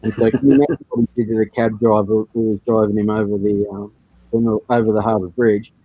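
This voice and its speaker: A man's voice: on the low side, level tone, quick pace, dark tone, dry recording, lo-fi sound. An Australian man telling a tall story in a casual voice chat, laid-back and chuckling at his own jokes.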